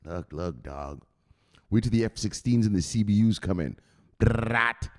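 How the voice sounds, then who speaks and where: A man hosting a crypto news livestream, chatting with viewers in a loud, profane, excitable way. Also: lowish voice, measured pace, gravelly. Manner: profane, excitable, shouting "bang!" often.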